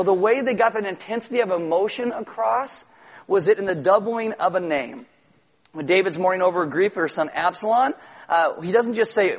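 A man preaching a sermon, animated, acting out quotes and at times shouting for emphasis. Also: high voice. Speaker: pastor.

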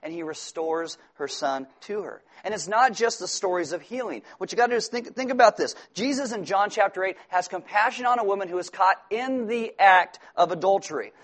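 A man with a high-pitched voice preaches a sermon. He keeps it lively with humorous asides and banter toward his congregation. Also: fairly quick, hardly any pauses. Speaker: pastor.

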